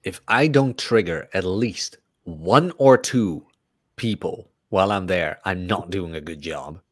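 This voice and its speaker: A man's voice: low-pitched, unhurried, no room sound, studio quality. A man from the Netherlands with a Dutch accent, a guest joking and telling stories in casual chat. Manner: joking storyteller, does animated voices in anecdotes.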